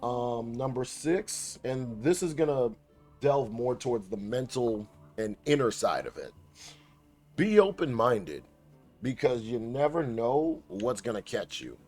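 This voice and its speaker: Casting: male gamer, mid-pitch, relaxed chatty commentary with casual swearing, faint game music behind. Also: measured pace. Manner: laid-back, swears and trash-talks the game. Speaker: gaming guide creator. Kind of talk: casual commentary while playing.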